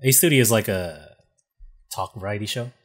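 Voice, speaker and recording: A man hosting a podcast, recapping a TV show in relaxed, slangy chat. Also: lowish voice, normal speed, husky. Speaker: podcast host. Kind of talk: casual chat.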